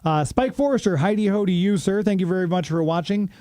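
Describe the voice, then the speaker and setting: A man's voice: high-pitched, fast, warm tone, dry recording, clean studio sound. Chatty man hosting radio. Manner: chatty, rambling, with fillers. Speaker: radio show host. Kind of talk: casual radio chat with a sponsor read.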